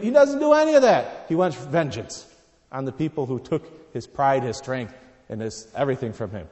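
A man preaching a sermon, reading scripture aloud and swinging between quiet, low passages and loud, emphatic ones. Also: expressive, normal speed, big-room sound.

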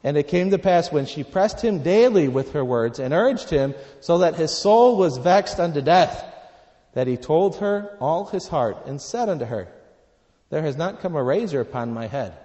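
Reading scripture during his sermon, a male preacher speaks animatedly at a moderate pace with a slightly raised pitch, alternating hushed, low moments with loud, insistent emphasis. His voice echoes with the long reverb of a large hall.

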